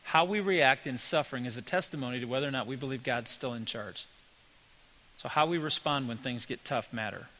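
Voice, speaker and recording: A man's voice: mid-range voice, a little fast, sharp tone, slight background noise, poor audio. A male pastor giving a sermon in a folksy, conversational way, weaving personal stories into his teaching.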